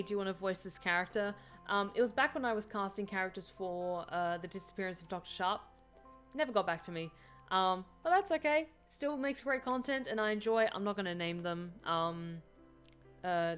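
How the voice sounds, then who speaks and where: A woman chatting casually on a live stream, answering viewer questions with lots of fillers and laughter. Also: mid-range voice.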